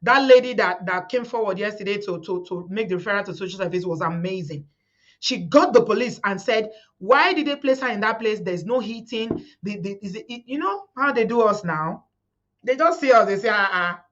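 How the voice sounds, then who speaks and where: Animated and brisk, this middle-aged Nigerian woman hosts a live community stream in a medium-pitched, fairly bright voice, with the highs cut off in the audio. She speaks fervently, repeating words and quoting the people she talks about.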